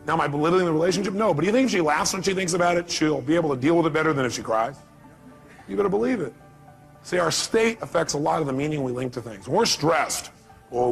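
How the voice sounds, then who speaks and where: A man's voice: fairly high pitch, expressive, fast, creaky, soft background music. A male motivational speaker addressing a seminar audience, emphatic and punchy, throwing out rhetorical questions.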